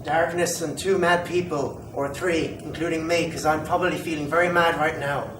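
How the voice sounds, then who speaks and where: A lost, memoryless techno-human man, acted by a man keeps circling the same questions, puzzled and searching. His voice sits fairly high and sounds far from the mic in a roomy space. The recording carries a steady hiss of background noise. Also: normal speed, natural voice. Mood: bewildered. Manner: bewildered, questioning himself aloud. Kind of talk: amateur audio drama.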